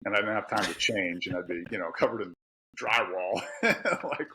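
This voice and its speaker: Rambling Pittsburgh man, low voice. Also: steady tone, brisk, bright, forceful tone, a little hiss or hum, poor audio. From Pittsburgh, USA. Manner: candid, rambling, laughs often. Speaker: guest author and tradesman. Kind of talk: casual podcast conversation.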